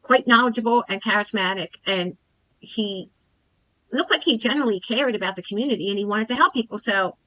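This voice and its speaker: A woman's voice: medium pitch, fairly quick, sharp tone, rough recording. A middle-aged woman earnestly telling the camera about her experience as a coaching client, often repeating her points. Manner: earnest, repeats herself, emphatic on grievances. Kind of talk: personal testimonial to camera.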